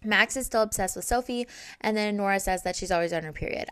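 A woman's voice: mid-range voice, quick pace, fairly bright tone, clear, resonant tone, dry recording, rough recording. A young adult woman recapping a TV series in a chatty, gushing way, full of likes and ums. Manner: chatty, filler-heavy, gushing. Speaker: podcast host recapping a TV series. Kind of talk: casual recap chat.

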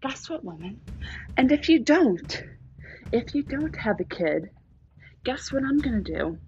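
A woman's voice: fairly high pitch, a little mellow, lo-fi sound, slight background noise, natural voice. A woman voicing a smug, mocking God who gleefully hands out punishments, swearing as he goes.

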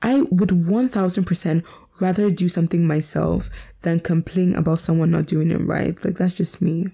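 A woman's voice: on the low side, moderate pace, vocal fry, dark tone, breathy edge. A teenage girl from Nigeria ranting bluntly and swearing in a casual opinion vlog. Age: teens. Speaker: vlogger. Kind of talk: casual opinion rant, reacting to statements.

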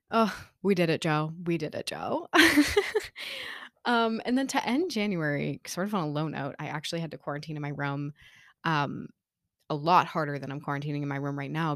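Young woman podcasting from her room, lowish voice, dry sound, says "like" a ton. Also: no room sound. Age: young adult. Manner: chatty, heavy use of "like" and "um", frequent laughter. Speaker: podcast host. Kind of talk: casual chat.

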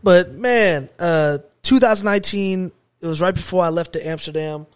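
Excitable young man, slightly high voice. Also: normal speed, smooth, dry recording. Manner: animated, excitable, heavy slang. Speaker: podcast guest. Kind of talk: casual storytelling chat.

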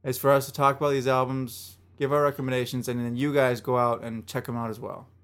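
A man's voice: medium pitch, level tone, quick pace, fairly bright tone. A man hosting a music podcast, chatting casually and enthusiastically about songs, often rambling and repeating himself. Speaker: podcast host reviewing albums.

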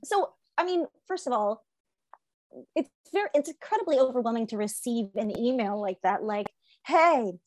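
High-voiced woman co-host, playful teaser and easy laugher, dry close recording. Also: normal speed, darkish tone, no room sound. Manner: teasing, supportive, laughs often. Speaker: podcast co-host. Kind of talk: casual chat.

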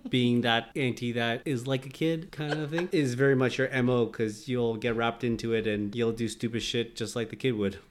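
A man's voice: mid-range voice, steady tone, normal speed, few pauses. A man co-hosting a podcast, chatting casually and teasing his partner wryly. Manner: teasing, wry. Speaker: podcast co-host. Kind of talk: casual chat.

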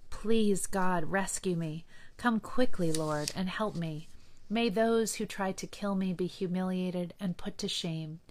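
A woman reading Bible passages aloud in a measured, earnest manner. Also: on the low side. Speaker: scripture reader.

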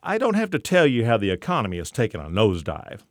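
A man's voice: mid-range voice, huge pitch swings, fast talker, no echo, studio quality, voice pushed up. A man reading the lines of a scheming bartender in his forties, conspiratorial and hesitant.

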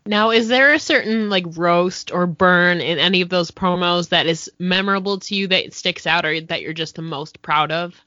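A woman with a bright, sharp voice asks her guest questions in a curious, friendly tone. The recording is dry, with no room sound. It also sounds muffled and lo-fi. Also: on the low side, moderate pace, hardly any pauses, dry recording. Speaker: podcast host. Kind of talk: casual interview chat.

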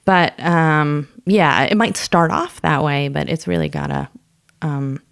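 Gravelly animated woman comedian. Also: unhurried. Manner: animated storyteller, acts out quotes with big pitch jumps. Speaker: stand-up comedian. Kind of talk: casual podcast chat.

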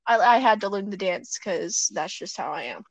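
A woman's voice: medium pitch, animated, moderate pace, no room sound, poor audio. A young woman chatting casually at home as a podcast co-host, rambling, giggling and correcting herself as she goes. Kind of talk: casual chat. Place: at home on her bed.

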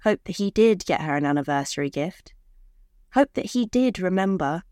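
A woman narrating a short romance story in a measured, somber way. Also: on the low side, lively intonation, darkish tone, no echo, studio quality.

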